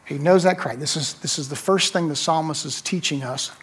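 A middle-aged pastor with a notably high voice delivers a sermon to his congregation. He tells stories conversationally, says his key lines twice and keeps asking "right?" to draw the room in. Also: a little fast, a bit bright, slightly rough. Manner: conversational storytelling, repeats phrases, checks in with "right?".

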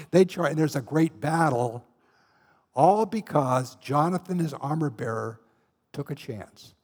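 A man's voice: a little high, a little mellow, long reverb tail. A man preaching a sermon, retelling Bible stories and acting out the voices of the people in them. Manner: storytelling, acts out Bible scenes with shifting voices.

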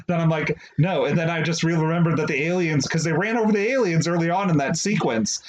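Man, podcast co-host, animated storytelling, fairly high voice, dull lo-fi sound, faint hiss. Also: quick pace. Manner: animated storyteller, laughs often. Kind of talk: casual chat.

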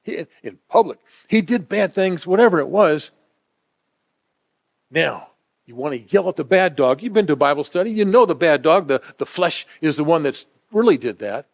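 A male preacher delivering a sermon with a fairly high, lively voice. He leans hard on key lines, then drops low and quiet to draw listeners in. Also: moderate pace, creaky. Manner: dynamic, swinging from emphatic to hushed.

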